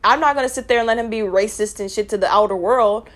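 A woman's voice: mid-range voice, quick pace. A young woman venting to her viewers in a blunt, profane, exasperated rant, calling out people directly. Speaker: vlogger. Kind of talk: angry personal rant to camera.

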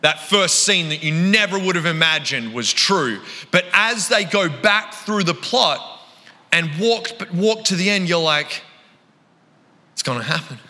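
Joking Australian man preaching, bright voice. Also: high-pitched, lively intonation, a little slow. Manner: chatty, joking, self-deprecating. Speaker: guest preacher. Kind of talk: sermon. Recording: reverberant church hall.

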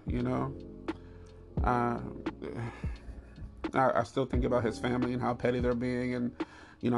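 A man hosting a podcast, telling a story in a candid, animated and profane way. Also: creaky. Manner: animated, profane storytelling with high squeals and laughs. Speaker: podcast host.

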